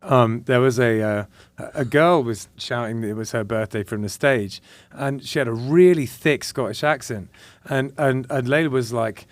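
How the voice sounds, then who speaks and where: A male podcast host in a studio, telling anecdotes animatedly, with quick stammered restarts. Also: mid-range voice, dry recording. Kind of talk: casual podcast chat. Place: radio studio.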